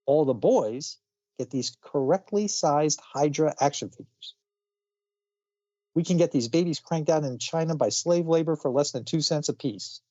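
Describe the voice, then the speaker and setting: Cutthroat comic-book villainess CEO, read by a man, a little higher than his own voice, boastful and brisk. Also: darkish tone, no echo, highs cut off, natural voice. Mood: scheming. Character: ruthless greedy female corporate villain CEO.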